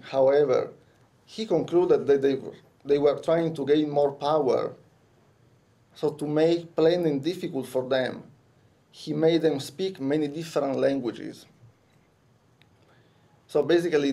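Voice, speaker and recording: A man's voice: mid-range voice, mellow. A man with an Italian accent giving a conference presentation, hesitant with many restarts and fillers. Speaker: conference speaker. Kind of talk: academic conference talk. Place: conference room.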